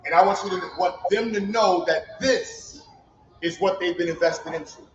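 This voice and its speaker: This founder's commencement speech is informal and heartfelt, delivered at a moderate pace in a high voice full of emphatic street talk. It was recorded in an event hall on a roomy, slightly dull livestream, with faint ambience and a little hiss or hum.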